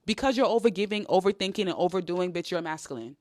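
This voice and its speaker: Brief: young New woman, blunt and animated, swears freely, dry close sound. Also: on the low side, quick pace, no room sound. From New York. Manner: blunt, animated, profane, mimics others. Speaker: host. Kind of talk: casual livestream talk.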